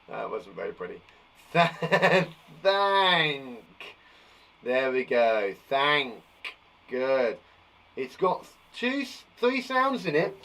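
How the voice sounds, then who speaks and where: In a medium-pitched voice, a British man works through a phonics lesson with young children, sounding words out slowly and cheering them on.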